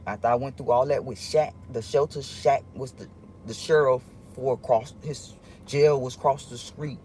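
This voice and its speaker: A man talking to his viewers in a casual livestream monologue, rambling and halting with many restarts, in an earnest, confiding way. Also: mid-range voice, warm tone, slight background noise.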